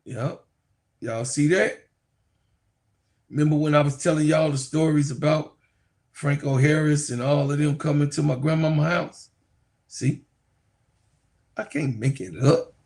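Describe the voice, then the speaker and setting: Slow, gravelly-voiced man telling stories. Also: fairly high pitch, steady tone, a little mellow. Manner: rambling, laughs often, addresses viewers as y'all. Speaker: sports YouTuber talking to viewers. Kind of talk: casual livestream storytelling.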